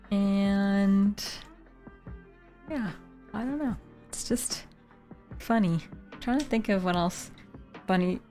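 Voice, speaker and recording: Chatty, giggly woman streamer from Canada. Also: mid-range voice. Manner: chatty and giggly, saying "like" often. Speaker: game streamer. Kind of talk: casual chat with live viewers.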